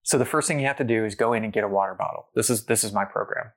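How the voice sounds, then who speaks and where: A man with a low, gravelly voice tells a story in an easy, chatty way, leaning on filler words and acting out the people he met. His delivery is lively and loose, with a rough crackle at the bottom of his voice. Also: very fast. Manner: animated storyteller, many fillers, acts out quotes. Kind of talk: casual storytelling conversation.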